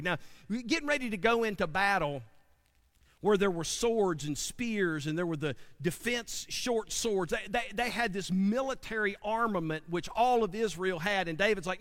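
Preacher guy, high voice, dramatic sermon, gets loud then real quiet. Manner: animated, dramatic, swings from loud to hushed. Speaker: pastor.

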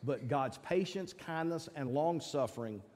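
Preacher, male, mellow and a bit high, emphatic sermon delivery, long church reverb. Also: lively intonation, measured pace. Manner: emphatic, swings between loud appeals and low asides. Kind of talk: sermon with altar call. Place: church sanctuary.

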